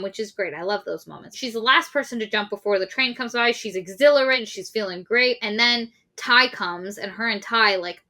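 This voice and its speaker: A woman co-hosting a casual book-review podcast, retelling the plot in a profane, animated way and acting out quotes. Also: mid-range voice. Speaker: podcast co-host.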